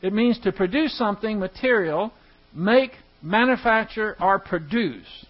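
Halting, high-voiced man teaching the Bible. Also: lively intonation, muffled recording. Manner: halting, stumbles and restarts words; asks the class rhetorical questions. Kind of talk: evening Bible study teaching.

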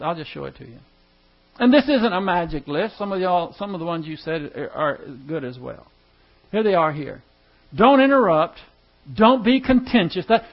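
A man teaching a class in a conversational way, putting questions to his listeners. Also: high voice. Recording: dull lo-fi recording.

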